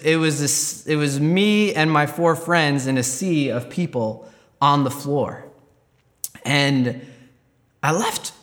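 A man's voice: fairly high pitch, fairly bright tone. Man telling a church story in a reverberant room. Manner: candid, rambling with frequent restarts. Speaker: Christian storyteller. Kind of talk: personal testimony.

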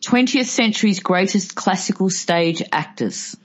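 A woman's voice: medium pitch, a little slow. A woman guest on a podcast, chatting about an old film in a chatty, enthusiastic way. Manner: chatty and enthusiastic, breaks into funny impressions. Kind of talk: casual film discussion. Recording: dull lo-fi recording.

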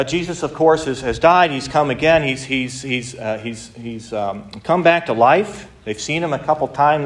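Animated man preaching a sermon. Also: a little high. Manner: animated storytelling with frequent restarts and acted-out quotes. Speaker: pastor.

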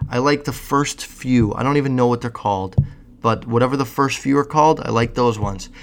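A man's voice: mid-range voice, a little fast. A man hosting a casual podcast, talking bluntly and sarcastically and swearing often. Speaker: podcast host.

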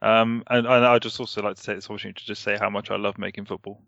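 A man's voice: fairly low pitch, little pitch movement, very fast, vocal fry, fairly bright tone, no room sound. A man co-hosting a casual podcast chat, rambling, hedging a lot and swearing casually. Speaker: podcast co-host. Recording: slightly muffled dry recording.

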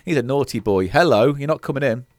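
A man's voice: mid-range voice, expressive, quick pace, no room sound. Sweary British man in mock-stern banter. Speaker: podcast co-host. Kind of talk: casual comedic chat. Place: small recording pod.

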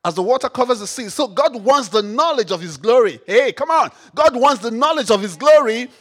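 A man preaching a sermon, repeating phrases, firing questions at the congregation and rising to shouts. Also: very high voice, animated, fairly quick. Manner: call-and-response, repeats phrases, rises to shouts; rhetorical questions to the audience.

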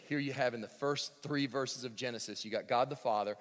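A male pastor preaching a sermon, swinging from near-shouts to hushed tones, with joking asides. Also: mid-range voice, fairly quick, few pauses. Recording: long hall reverb.

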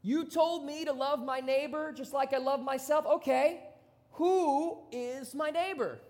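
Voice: sits high, measured pace, darkish tone, long reverb tail, pitched above the performer's own voice. A preacher doing a smug, needling law expert. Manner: cocky, needling.

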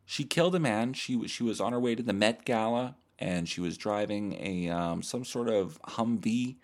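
A man hosting a podcast, rambling through a crude, profane comedic monologue in a deadpan, mock-serious way. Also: fairly low pitch, normal speed. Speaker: podcast host.

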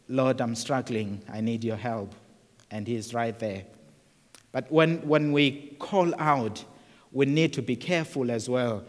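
A male preacher delivers a sermon at an unhurried pace. He speaks earnestly, repeating words and restarting phrases as he goes. His voice carries a long reverb, as though heard in a large hall. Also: mid-range voice.

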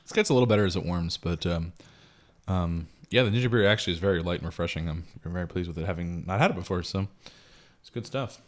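A man hosting a casual beer-tasting podcast, chatting and wrapping up the show in a relaxed, rambling way. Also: low voice, quick pace. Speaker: podcast host.

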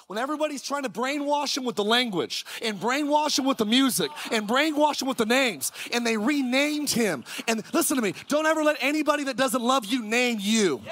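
A man, a pastor, preaching an energetic sermon in a church, with rhetorical questions and shouted lines. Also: extremely high pitch. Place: church sanctuary.

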